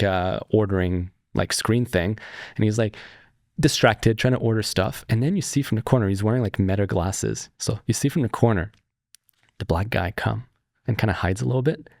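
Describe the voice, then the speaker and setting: A man hosting a casual political podcast, telling stories in an animated way and acting out the people he quotes. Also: lowish voice, brisk, creaky, no room sound, clean studio sound. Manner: animated storyteller, acts out quoted voices. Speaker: podcast host.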